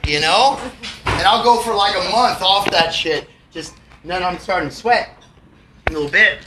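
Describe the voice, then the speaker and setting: A man's voice: high-pitched, moderate pace, noisy background. A man, a singer-songwriter, telling stories between songs on a concert stage, bantering with the audience in a self-deprecating, swearing way. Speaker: singer-songwriter performing live. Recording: roomy live recording from a distance, music behind.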